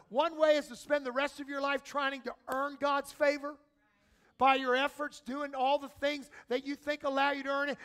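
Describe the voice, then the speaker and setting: Man, pastor, sermon, very high pitch, swings from hushed to shouting. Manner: preaching with swings from quiet to shouting; calls out to the congregation.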